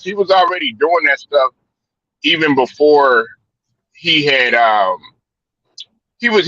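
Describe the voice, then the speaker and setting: A man's voice: medium pitch, pushed and bright, no echo. Man, sports talk host, rambling and profane, dry dull lo-fi sound. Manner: loose, profane, rambling storytelling. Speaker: podcast host. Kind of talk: casual sports chat. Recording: dull lo-fi stream audio.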